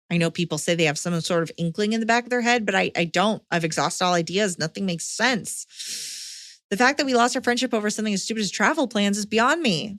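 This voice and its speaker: A woman's voice: fairly low pitch, no echo, clean studio sound. Sex: woman. Role: podcast host, reading a listener letter. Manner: expressive reading, breaks in with blunt, swearing reactions. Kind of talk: reading a listener letter aloud, with casual asides.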